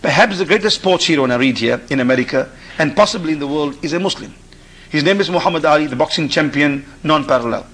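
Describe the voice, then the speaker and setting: Man from Africa, talk-show guest, husky and somewhat high-pitched, halting and repetitive delivery. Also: a bit bright. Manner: halting, repeats and restarts phrases. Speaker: panel guest. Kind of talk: discussion on a radio call-in show.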